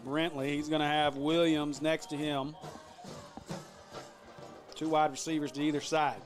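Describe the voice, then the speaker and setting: Man, play-by-play announcer, high school football, slightly high voice, jokey, shouts on big plays. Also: little pitch movement, a little slow, faint music behind.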